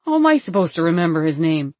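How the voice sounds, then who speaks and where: A woman reads a self-assured male lover in a storybook, with a low, controlled, coaxing voice. The recording is dry and close, with no room sound. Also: sing-song, fast talker, darkish tone, no room sound. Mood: dismissive.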